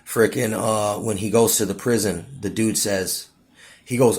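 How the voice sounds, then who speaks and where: Guy with a low gravelly voice rambling on, lots of dude and you know what i'm saying, keeps restarting. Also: moderate pace. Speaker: vlogger. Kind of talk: rambling monologue.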